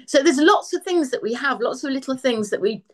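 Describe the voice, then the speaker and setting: A woman's voice: high-pitched, animated, brisk. A woman guest on a podcast talking frankly, sounding worn out and rambling with restarts. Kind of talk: casual chat.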